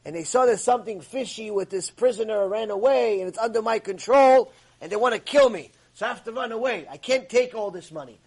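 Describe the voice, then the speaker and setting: A man acting out a frightened fugitive urgently explaining himself, in a husky voice. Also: high-pitched, a little fast, hardly any pauses, darkish tone.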